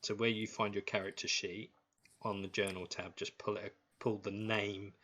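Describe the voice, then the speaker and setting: A man narrating as game master of an online tabletop game, slow and halting with many ums. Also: lowish voice, level tone, bright, forceful tone, rough recording.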